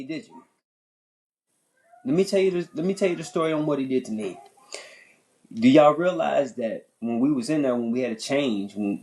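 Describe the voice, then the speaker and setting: A man on a podcast telling a long story in casual chat. He talks in an animated, profane way, often repeating and restarting his phrases. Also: poor audio. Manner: animated, profane, pitch jumping high when worked up. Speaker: podcast host.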